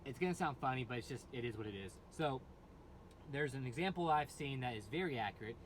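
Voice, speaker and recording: A man's voice: medium pitch, animated, fast talker, background noise. A man, a metal band singer, explaining his screaming technique in a loose, rambling way full of fillers and restarts. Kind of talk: casual vocal tutorial.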